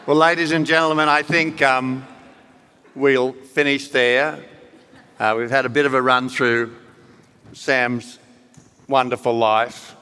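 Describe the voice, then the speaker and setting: A man hosting a live book talk, asking questions with a dry, teasing, deadpan manner. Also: medium pitch, slow, long pauses, clean tone. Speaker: interviewer and event host. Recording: reverberant hall with audience.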